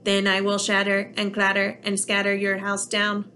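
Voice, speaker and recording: A woman's voice: mid-range voice, completely flat delivery, moderate pace, pushed and bright, slight background noise, natural voice. A woman voicing a big bad male robot in a children's storybook, chanting rhythmic sing-song threats. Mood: menacing.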